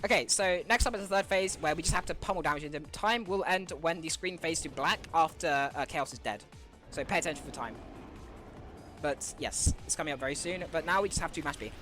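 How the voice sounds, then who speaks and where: Fast-talking, breathless speedrunner. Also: male voice, a little high, sharp tone, soft background music. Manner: fast, eager, with frequent fillers. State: out of breath, sore throat. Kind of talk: live gameplay commentary.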